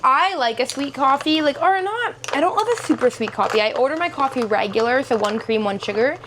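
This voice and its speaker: A woman's voice: high-pitched, lively intonation, brisk, background noise. A young woman chatting casually in a vlog, rambling and giggly, with lots of fillers. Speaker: vlogger.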